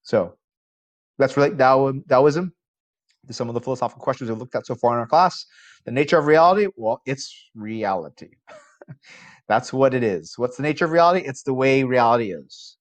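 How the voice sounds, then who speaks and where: This man, a college philosophy lecturer, talks at medium pitch and a moderate pace. His style is conversational, full of rhetorical questions, and animated during stories.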